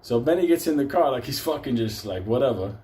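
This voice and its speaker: A man's voice: mid-range voice, lively intonation, a little fast, warm tone. A middle-aged man telling a comic story from his youth, rambling, swearing constantly and prone to laughing. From New York City. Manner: profane, rambling, easily breaks into laughter.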